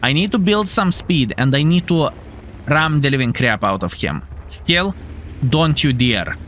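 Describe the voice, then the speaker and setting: Playful, animated gamer. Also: male voice, fairly high pitch, unhurried, slight background noise. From Lithuania. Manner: playful, jokey, addresses viewers as fellas. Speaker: gaming streamer. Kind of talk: live gameplay commentary.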